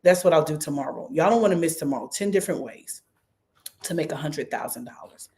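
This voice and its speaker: Animated Philly woman pastor on a livestream. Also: deep voice, a little fast. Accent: Philadelphia. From Philadelphia. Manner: animated, repetitive, calls viewers by name. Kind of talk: livestream preaching and fundraising talk.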